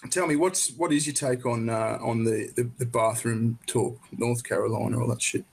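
A man's voice: mid-range voice, fairly even intonation, normal speed, creaky, slightly rough. A man hosting a casual interview, asking blunt, joking questions and often stumbling over and repeating his words. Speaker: host interviewing a guest. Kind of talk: casual, crude interview chat.

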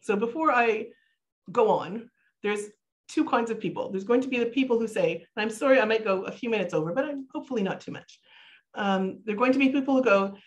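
A woman's voice: on the high side, fairly quick, lo-fi sound. A woman giving a Torah class online from her computer. She moves between English explanation and read-out Hebrew verses, stopping often with fillers and restarts. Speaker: teacher.

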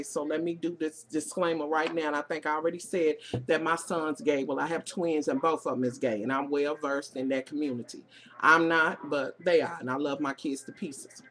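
A woman's voice: on the low side, a little hiss or hum. Profane sassy Southern woman ranting. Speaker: vlogger. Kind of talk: casual reality TV rant. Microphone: webcam.

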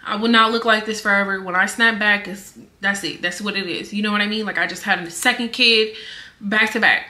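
A woman's voice: mid-range voice, fairly even intonation, brisk, bright, forceful tone. A young woman, a vlogger, talks to camera in an earnest and defensive way, with many fillers. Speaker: vlogger answering rumors. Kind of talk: casual personal statement to camera.

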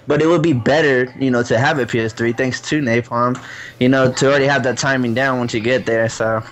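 A man in casual, profane chat, telling an animated, salty story about losing a tournament. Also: mid-range voice, a little fast, a little hiss or hum, rough recording.

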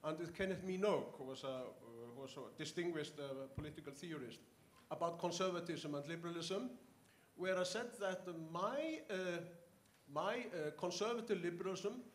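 Older Icelandic man telling anecdotes, echoey room. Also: high voice. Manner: halting, many fillers and restarts. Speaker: interviewee, professor. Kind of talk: anecdotal interview storytelling. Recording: echoey room, faint ambience.

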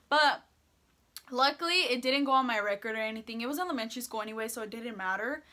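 A teenage girl recounts a school story straight to her camera in a bright, slightly high voice. She acts out what everyone said and swears casually as she goes. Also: quick pace. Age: teens. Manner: animated storytelling, quoting herself and others, casual swearing. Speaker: vlogger. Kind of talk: story time vlog. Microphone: phone or camera mic.

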